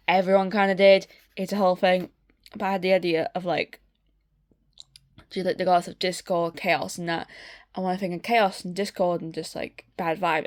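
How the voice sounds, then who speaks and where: A young woman chatting casually at home through a sketchbook tour, rambling with many fillers and getting excitable. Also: lowish voice. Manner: excitable, swears in bursts. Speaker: artist showing a sketchbook.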